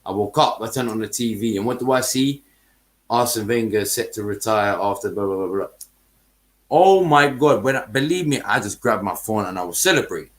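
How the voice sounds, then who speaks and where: A man's voice: on the low side, animated, brisk. A man hosting a football podcast, ranting heatedly in casual chat, swearing and using heavy street slang.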